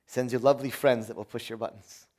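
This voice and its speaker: A man preaching a sermon, swinging between loud, urgent high points and quiet, low asides. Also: fairly even intonation, fast talker.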